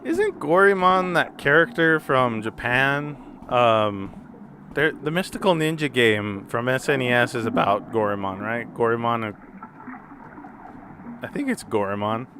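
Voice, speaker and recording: A man's voice: medium pitch, lively intonation, measured pace, noisy background. An American man giving casual gameplay commentary in a rambling, self-mocking, unsure way. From United States. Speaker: let's play gamer.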